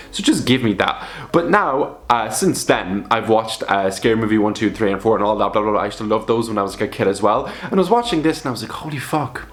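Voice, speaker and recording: A man's voice: fairly low pitch, a bit bright. A young man chatting casually to camera, rambling and swearing freely as he talks about old horror films. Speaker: video creator reviewing films. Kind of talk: casual vlog commentary.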